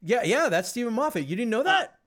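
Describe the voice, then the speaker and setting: A man hosting a podcast, chatting casually in an animated, rambling way with lots of fillers and restarts. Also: very high-pitched, a little fast. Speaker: podcast host. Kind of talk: casual chat.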